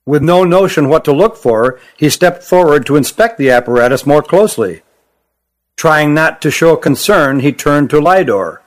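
A man reading a fantasy novel aloud as the narrator, in a steady, even storytelling manner. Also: a little high, normal speed. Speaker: audiobook narrator. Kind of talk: scripted narration.

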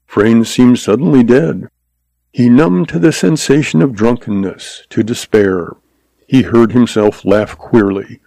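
A man narrating a western story in a measured, dramatic reading. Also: mid-range voice, creaky, mellow, no echo, low-quality recording.

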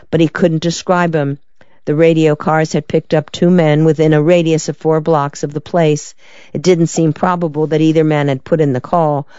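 An audiobook narrator reading a crime story in an even, measured way. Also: mid-range voice, smooth, no room sound, muffled recording. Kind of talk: scripted narration.

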